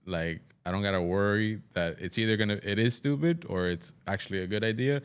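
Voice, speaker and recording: Male podcast guest, very low and resonant, reflective conversational delivery. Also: fairly quick, clean tone. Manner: reflective, thinks aloud. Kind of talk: casual chat.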